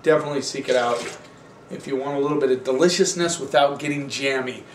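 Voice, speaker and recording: A man's voice: medium pitch, fast, echoey room, recorded from a distance, a little hiss or hum. Rambling male wine show host. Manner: relaxed, rambling, conversational. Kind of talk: casual wine tasting review.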